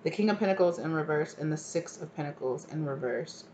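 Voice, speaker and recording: A woman's voice: low voice, expressive, brisk, darkish tone, a little hiss or hum. A woman giving a casual tarot reading, naming cards and thinking aloud with many fillers. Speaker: tarot reader.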